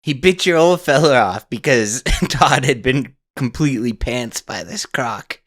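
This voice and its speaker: A male podcast host casually telling a true story to his co-hosts, laid-back and quick to laugh. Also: mid-range voice, a bit bright, dry recording, studio quality.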